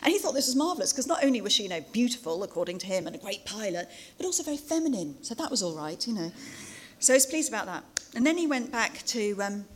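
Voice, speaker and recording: Brief: middle-aged woman, animated storyteller, chatty asides, mid pitch. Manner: lively anecdotal, frequent asides and fillers. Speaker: speaker recounting interviews. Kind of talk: storytelling talk to an audience.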